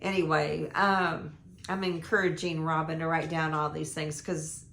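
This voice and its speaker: A hoarse older woman, talking slow and low-pitched as she meanders through a home vlog update. She fills her pauses with ums and restarts her sentences, and her voice bounces around an echoey room. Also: flat delivery, a bit bright. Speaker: vlogger. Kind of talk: rambling casual life update.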